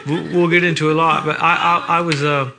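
A man preaching a sermon in a church, telling stories with animated, laughing energy. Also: a little high, a little fast, creaky, noisy background.

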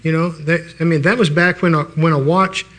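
A man's voice: on the high side, fairly even intonation, normal speed, a bit bright. An older man preaching a sermon in a folksy, conversational way, telling stories and restarting his sentences.

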